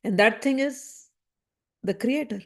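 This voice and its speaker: A woman's voice: on the high side, unhurried. A woman retelling a spiritual story in a conversational, explanatory way, full of rhetorical questions.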